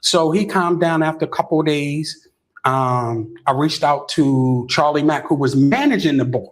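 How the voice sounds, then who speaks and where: A middle-aged man telling a long story as an interview guest. He keeps checking in with "right?" and stumbles over restarts. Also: moderate pace. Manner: keeps asking "right?" with frequent stammered restarts; shifts into a higher voice when quoting others.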